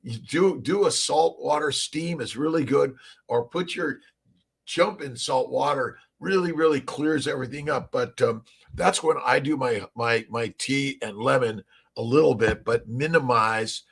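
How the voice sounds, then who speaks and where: A middle-aged Southern California man hosts a casual morning livestream, rambling cheerfully and greeting viewers one by one. His unhurried voice sits at a middle pitch with a gravelly edge.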